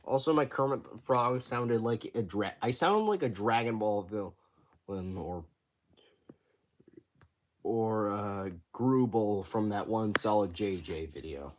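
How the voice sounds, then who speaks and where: Teenage boy, livestream host, rambling and halting, bedroom, faint noise behind. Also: fairly low pitch. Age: teens. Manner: rambling, halting, many restarts. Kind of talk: casual livestream chat.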